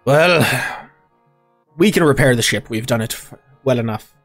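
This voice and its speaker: A man doing a calm ship's leader. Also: medium pitch, normal speed, soft background music. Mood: thoughtful.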